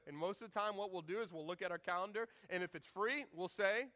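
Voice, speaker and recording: A man in his thirties preaching a sermon as pastor, animated and joking, acting out quoted lines in shifting voices. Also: high-pitched, quick pace, hardly any pauses.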